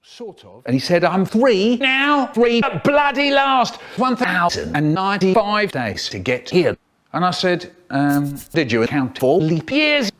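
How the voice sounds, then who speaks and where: A man imitates an elderly poet spinning absurd childhood stories. The voice leaps high and low on a slightly raised pitch. He rambles from one nonsense anecdote to the next. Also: big pitch swings, unhurried, a bit bright, heavily acted. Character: impression of an elderly male children's poet, storyteller. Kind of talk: parody storytelling.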